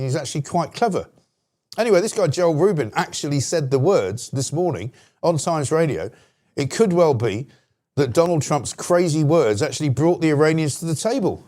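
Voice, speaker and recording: A man's voice: medium pitch, warm tone. A British man hosting a political talk show, ranting sarcastically about the media. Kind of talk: opinionated political commentary.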